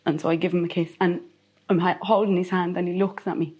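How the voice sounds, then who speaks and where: A woman's voice: on the low side, flat delivery, fast, darkish tone, husky. A woman with an Irish accent, a guest telling a personal story in an interview, repeating phrases for emphasis.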